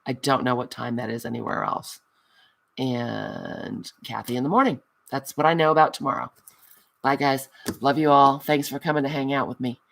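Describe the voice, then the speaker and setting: At a moderate pace, a woman with a very deep, creaky, fairly bright voice signs off from her craft livestream. Affectionate and chatty, she calls viewers honey, reads and responds to their comments, and jokes at her own expense.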